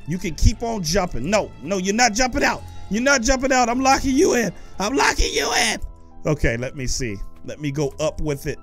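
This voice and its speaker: A young man giving excited let's-play commentary while gaming, often shouting and taunting the monsters. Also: fairly high pitch. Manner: animated, shouts and taunts in-game enemies. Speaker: gaming YouTuber.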